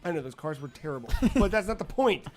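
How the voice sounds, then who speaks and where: Thirty-something male co-host, slightly high voice, rambling profane storyteller, faint music under him. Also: sing-song, fast. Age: 30s. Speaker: podcast co-host. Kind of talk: casual chat.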